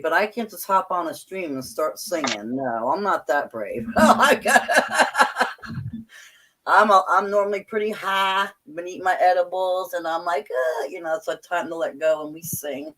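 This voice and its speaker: A woman's voice: lowish voice, moderate pace, fairly bright tone, slight background noise. A woman hosting casual panel talk on an online stream, chatty and questioning, and laughing often.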